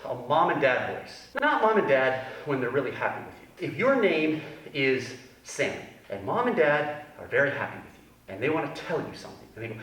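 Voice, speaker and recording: A man's voice: medium pitch, fairly bright tone. Upbeat male kids' instructor, playful, recorded far off in a roomy space. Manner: playful, upbeat coaching with goofy asides. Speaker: kids' taekwondo instructor in costume. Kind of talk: children's fitness class instruction. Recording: echoey room from a distance with music.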